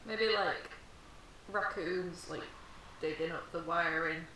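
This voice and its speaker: A woman's voice: fairly low pitch, slow pace, sharp tone, roomy sound, slight background noise, low-quality recording. A woman guest on a podcast, chatting casually and thinking aloud in a rambling way. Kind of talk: casual chat.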